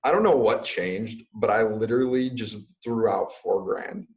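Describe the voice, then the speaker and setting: A man's voice: fairly low pitch, measured pace. A young man as an interview guest, talking casually with many fillers like "um" and "like". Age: young adult. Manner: casual, filler-heavy, uses "like" often.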